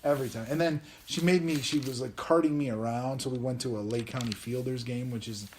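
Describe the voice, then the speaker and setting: A man's voice: medium pitch, fairly even intonation, fairly quick, a little mellow, slight background noise. A man in his thirties hosting a casual podcast chat, telling a self-deprecating story. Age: 30s. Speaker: podcast host.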